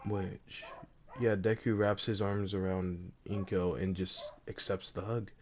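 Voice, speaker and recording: A young man retells a story casually, rambling with lots of fillers. His voice sits low. It is gravelly and creaky. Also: flat delivery, a little slow, a little hiss or hum. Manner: rambling, full of "like" and "you know". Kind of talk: casual fan-fiction retelling.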